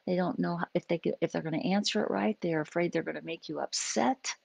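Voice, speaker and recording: A woman with a notably low voice talks through ideas in an unscripted, conversational way, hosting a live stream as a psychologist. The sound is dry and close, with no room ring. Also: quick pace, vocal fry, darkish tone, slightly rough, dry recording, poor audio. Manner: conversational, explains with acted examples and asides. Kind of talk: unscripted teaching talk to a live audience.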